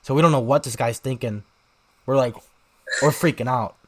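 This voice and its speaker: A young man co-hosting a podcast, telling a rambling story in casual chat and shouting out the lines he quotes. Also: medium pitch, moderate pace. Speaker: podcast co-host.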